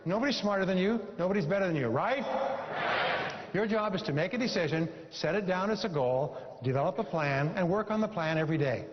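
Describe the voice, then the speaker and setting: A man's voice: high voice, lively intonation, brisk, very noisy. Emphatic male seminar speaker in a hall. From Canada. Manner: emphatic, repetitive, storytelling. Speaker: motivational speaker. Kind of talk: seminar talk with a told joke. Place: seminar stage. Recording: dull recording in a large hall.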